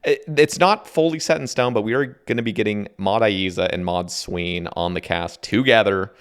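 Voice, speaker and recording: A man's voice: on the low side, normal speed, clean tone. A man hosting a casual podcast, agreeable and easygoing, often repeating himself. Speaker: podcast host.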